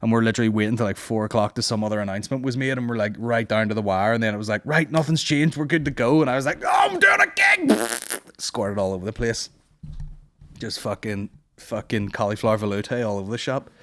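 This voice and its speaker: A man's voice: lowish voice, steady tone, quick pace, no room sound, clean studio sound. A young man hosting a comedy podcast, rambling and swearing in a casual monologue. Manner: rambling, profane, puts on silly voices.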